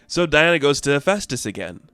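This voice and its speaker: A man's voice: fairly high pitch, big pitch swings, pushed and bright, clean tone, no echo, faint music behind. Chatty man recapping a comic. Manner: chatty, quick, enthusiastic. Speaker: comic book reviewer.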